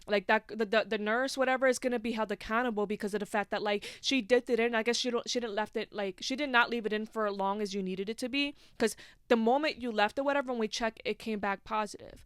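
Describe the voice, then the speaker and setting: A woman's voice: a little high, fast, fairly bright tone, clear, resonant tone, dry recording, clean studio sound. Chatty young woman telling her story. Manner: chatty, heavy on "like", swears freely. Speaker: podcast host. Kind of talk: casual personal storytelling.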